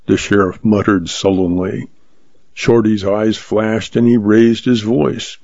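A man narrating a western novel as an audiobook, in a steady, unhurried reading. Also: fairly low pitch, vocal fry, dry recording, lo-fi sound.

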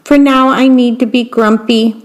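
A woman's voice: fairly high pitch, fairly even intonation, normal speed, lightly acted. A woman reading aloud and voicing a grumpy male monkey who talks in a sulky, reluctant way. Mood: glum.

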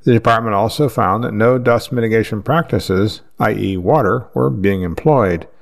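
A man reading news articles aloud in a steady, measured way, with the odd slip. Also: on the low side, gravelly. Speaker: news reader.

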